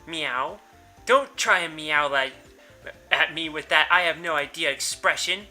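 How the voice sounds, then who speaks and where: Guy doing a brusque teen girl in a visual novel, scolding cats, slightly high, bright voice. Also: measured pace, faint music behind. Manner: curt, scolding, bossy. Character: brusque teenage girl fussing over cats.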